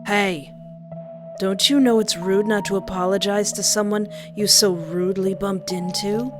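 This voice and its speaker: A woman's voice: medium pitch, steady tone, measured pace, lightly acted. A woman voicing a mocking young male college bully who talks down to others, over background music. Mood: taunting. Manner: taunting, condescending.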